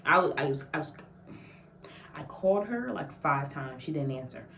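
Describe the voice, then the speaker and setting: A woman's voice: sits low, animated, normal speed, a bit bright, a little hiss or hum. A young woman vlogger telling a casual story, acting out quotes and laughing often. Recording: echoey room, mic at a distance.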